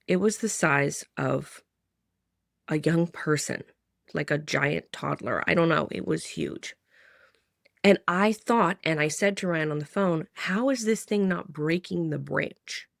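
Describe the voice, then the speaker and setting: Woman, 30s, vlogger; gravelly fry, dry close sound, rambling conversational storytelling. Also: low voice, dry recording. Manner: chatty, full of "like", restarts and sighs. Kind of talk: personal storytelling to camera.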